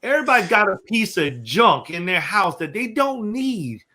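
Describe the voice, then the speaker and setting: A man co-hosting a casual talk show, telling an animated story and reading messages aloud. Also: high-pitched, normal speed. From Florida. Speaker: co-host.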